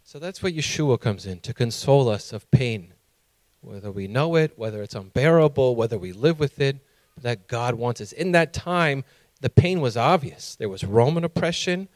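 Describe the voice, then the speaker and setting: A man preaching a sermon who reads scripture and tells a personal story, acting out his own past lines loudly. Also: mid-range voice, lively intonation, normal speed, no room sound.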